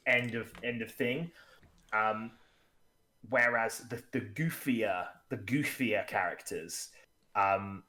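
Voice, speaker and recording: A man's voice: lowish voice, slow pace, bright, forceful tone. A man co-hosting a casual tabletop gaming podcast, chatting loosely with many restarts. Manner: chatty, rambling with restarts, acts out players' lines. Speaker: podcast co-host and game master.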